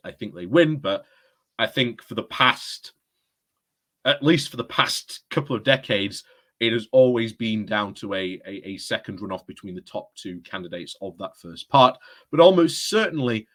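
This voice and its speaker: A man's voice: on the low side, fairly bright tone. Rambling man venting about politics. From United Kingdom. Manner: rambling, self-correcting, exasperated. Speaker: political commentary vlogger. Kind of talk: casual political commentary.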